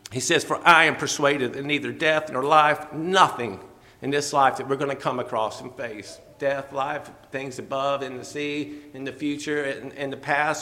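Fervent preacher man with a bright voice. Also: mid-range voice, big-room sound. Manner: fervent, repeats phrases, chuckles often. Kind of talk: sermon. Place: church.

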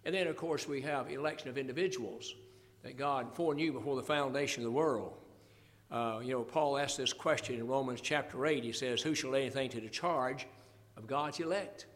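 A man's voice: mid-range voice, brisk, long reverb tail. An older man preaching a sermon, expounding scripture in an earnest, folksy way. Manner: earnest Bible exposition, folksy asides, quoting scripture.

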